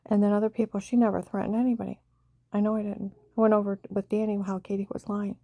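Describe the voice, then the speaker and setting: Rambling woman with a dark, mellow voice. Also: mid-range voice, flat delivery, quick pace, no room sound. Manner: rambling, repeats "I said" while retelling conversations. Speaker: vlogger telling a personal story. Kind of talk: rambling personal monologue.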